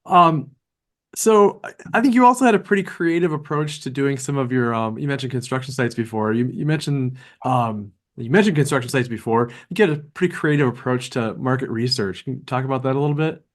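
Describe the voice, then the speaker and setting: A man's voice: medium pitch, lively intonation, fairly quick. A man hosting a podcast interview, with brief, encouraging replies. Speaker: podcast host.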